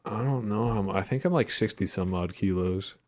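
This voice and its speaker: A man with a lowish voice runs a casual livestream, bantering with viewers and reading their messages out loud. He jokes freely and swears often. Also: a little fast. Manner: joking, profane, reads chat aloud. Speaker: game dev streamer.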